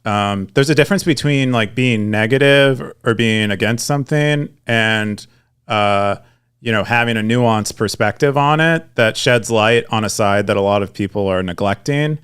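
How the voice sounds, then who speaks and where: Speaking at normal speed, a young man with a lowish, slightly bright, clean voice co-hosts a podcast. The talk is casual and meandering, full of false starts and fillers.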